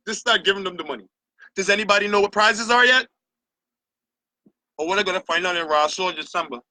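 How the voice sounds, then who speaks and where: A middle-aged Barbadian man holds forth on his opinion show in a very high, sharply bright voice. He talks with heated, emphatic passion and a lot of cursing. The sound is bone dry, with no room echo at all. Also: a little fast. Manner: passionate, profane, emphatic ranting. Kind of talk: opinion rant to camera.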